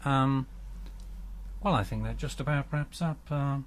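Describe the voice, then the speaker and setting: A man hosting a spoof radio arts show in a pompous, mock-serious manner, with many ums and halting restarts. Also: mid-range voice. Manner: pompous, hesitant, full of ums.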